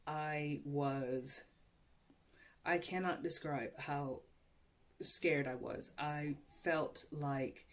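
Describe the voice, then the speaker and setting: A young woman with a low-pitched voice tells a personal story on her podcast. She talks slowly, swears freely and pokes fun at herself as she rambles on. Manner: profane, rambling, self-mocking. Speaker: podcast host. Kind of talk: casual storytelling monologue.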